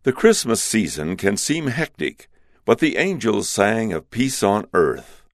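Man, scripted letter reading, lively intonation, low voice, dry sound. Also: unhurried, no echo.

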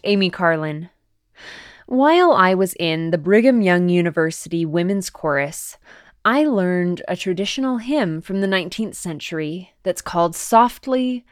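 A woman hosting a devotional podcast, reading a gentle, earnest scripted message. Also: on the low side, animated, normal speed, no echo, studio quality.

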